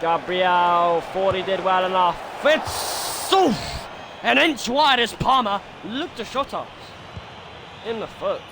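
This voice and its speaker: A man streaming a football video game, doing his own match commentary that swings from quiet musing to shouted goal calls. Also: high voice, animated, takes it slowly. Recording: noisy background ambience.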